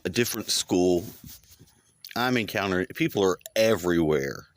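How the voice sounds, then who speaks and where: A man's voice: sits low, moderate pace, slight background noise. A man telling a long dream in a rambling, casual monologue, swearing often and repeating himself. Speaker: vlogger recounting a dream.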